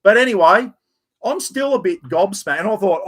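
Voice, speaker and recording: A middle-aged Australian man ranting to camera in a casual vlog, blunt and heavily profane. His voice sits a bit high for a man, and he tells the story in a heated, rough-edged way. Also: big pitch swings, normal speed, a bit bright. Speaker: vlogger.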